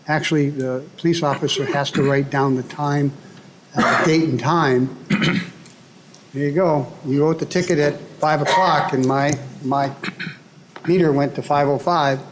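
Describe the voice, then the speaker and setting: A male legislator answering questions at a committee hearing, measured, explaining through everyday examples. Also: on the high side. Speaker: bill author, state legislator. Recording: hearing room with long reverb and faint noise.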